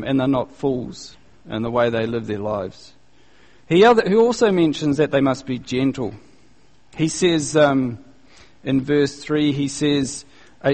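A male pastor preaching a sermon in a conversational, animated way, using casual slang and acting out the people he quotes. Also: medium pitch. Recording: long reverb, echoey hall.

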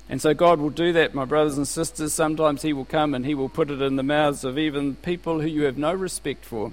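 A man's voice: fairly high pitch, steady tone, fast, few pauses. Man preaching in a reverberant hall. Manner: conversational preaching with rhetorical questions and anecdotes. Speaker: pastor. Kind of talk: sermon.

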